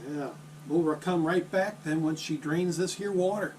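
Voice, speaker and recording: Off-camera woman, slow amused reactions, far from the mic in loud noise. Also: fairly low pitch.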